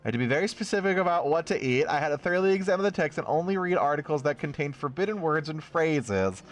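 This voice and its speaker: A man's voice: a little high, animated, fast talker, voice pushed up, natural voice. A man voicing a downcast male goat who used to eat newspapers, speaking in a gloomy mumble. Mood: glum.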